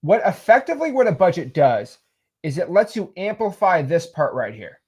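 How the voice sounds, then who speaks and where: A man casually teaching real estate wholesaling while sketching, animated and salesy. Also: high voice, moderate pace, husky. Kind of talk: casual whiteboard explainer.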